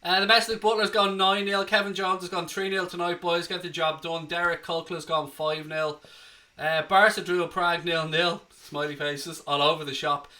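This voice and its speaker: A man's voice: on the high side, level tone, normal speed, bright, forceful tone. An Irish man hosting a live football watchalong, chatting cheekily and reading out viewer comments. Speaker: host.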